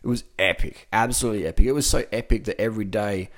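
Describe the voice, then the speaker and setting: A man's voice: fairly low pitch, quick pace. A man with an Australian accent talking casually and motivationally, often repeating words and laughing. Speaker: vegan cycling advocate.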